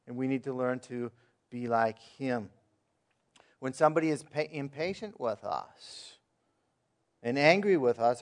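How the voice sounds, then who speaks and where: A pastor with a mid-range voice delivers a sermon in a plain, conversational style. He poses questions to his listeners and reads verses aloud.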